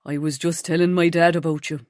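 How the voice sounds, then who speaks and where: A woman voicing a soft-spoken young man, her tone dropped a little lower and kept relaxed and gently teasing. Close and dry, as in a storybook read in a booth. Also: brisk, no room sound, lightly acted. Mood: fond.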